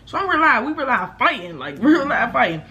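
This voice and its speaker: A young woman vlogger, telling a storytime in casual, profane talk, loudly acting out what people said. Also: high voice, brisk, slight background noise. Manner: animated, profane, acts out quotes loudly. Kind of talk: casual storytime while eating.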